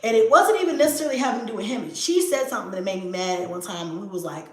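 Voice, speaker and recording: A woman, telling a story in casual chat, animated and profane, laughing often. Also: medium pitch, very fast. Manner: animated, profane, laughs often, acts out her own past lines loudly. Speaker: vlogger answering viewer questions. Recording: echoey room.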